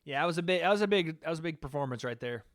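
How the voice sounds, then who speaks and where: High-voiced man giving casual live commentary. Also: rapid-fire, no echo, studio quality. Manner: relaxed, rambling, profane, talking to chat. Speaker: live stream host.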